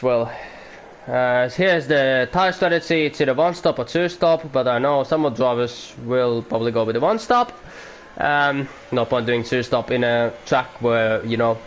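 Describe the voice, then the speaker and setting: A man giving casual, rambling commentary on an online racing league, excitable and full of fillers. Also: mid-range voice, a little hiss or hum.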